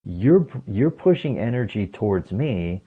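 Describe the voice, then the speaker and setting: Male guest, lowish voice, emphatic, asks rhetorical questions, phone-quality audio. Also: very animated, a little slow, husky. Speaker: podcast guest, stress coach. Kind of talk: explanatory interview talk. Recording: tinny phone-like line.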